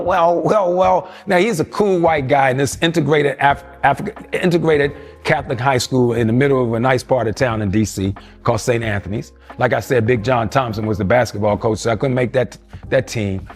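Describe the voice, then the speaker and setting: Older man, animated storyteller. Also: medium pitch, brisk, faint music behind. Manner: animated storyteller who acts out quoted voices. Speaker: interview guest. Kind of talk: storytelling interview.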